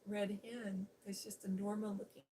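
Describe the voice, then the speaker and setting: A middle-aged woman, an ASMR host, telling a personal story in a soft, chatty way. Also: mid-range voice, level tone, moderate pace, background noise. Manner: soft-spoken, chatty with fillers. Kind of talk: softly spoken personal storytelling.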